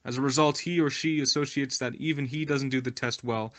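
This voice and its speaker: Male voice, mid pitch, for a devotional talk; sincere, moralizing delivery. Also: steady tone, a little fast, fairly bright tone. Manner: earnest, exhorting, moralizing. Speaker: volunteer translator and narrator of a spiritual message. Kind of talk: devotional talk, read translation.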